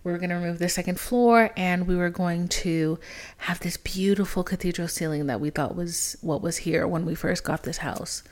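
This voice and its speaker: A woman's voice: on the low side, moderate pace. Dramatic young woman podcaster. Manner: dramatic, swinging between loud outbursts and hushed whispers; swears freely. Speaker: podcast host. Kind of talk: casual storytelling monologue.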